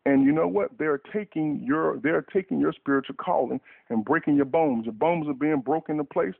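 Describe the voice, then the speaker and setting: A man's voice: a little high, normal speed, vocal fry, husky, dry recording. A man preaching a fervent radio sermon, repeating and restarting words in bursts, heard over a dry phone line.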